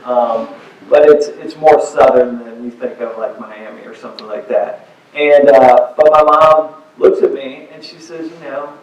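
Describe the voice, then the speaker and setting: A man's voice: medium pitch, a little slow. A man giving a personal motivational talk about his book. He talks conversationally, with many "you know"s and wry, self-deprecating asides. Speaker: author and speaker. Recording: echoey hall, distant dull mic.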